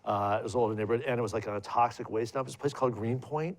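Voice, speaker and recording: A man's voice: mid-range voice, racing. A middle-aged man telling digressive career stories as a guest at a live student event, with many fillers and restarts. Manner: rambling, digressive anecdotal storytelling with many restarts. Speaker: guest filmmaker. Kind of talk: on-stage career conversation.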